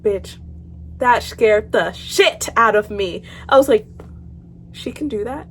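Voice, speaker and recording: A teenage girl vlogger reacting to horror stories, dramatic and casual, swinging between loud outbursts and quiet mutters and swearing freely. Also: medium pitch, expressive, slow pace, a little hiss or hum. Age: teens. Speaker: YouTuber.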